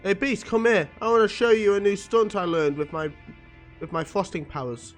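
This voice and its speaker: A man's voice: high voice, normal speed, soft background music, pitched above the performer's own voice, close to an everyday voice. Cocky teasing young prankster, voiced by a man, jeering, playful.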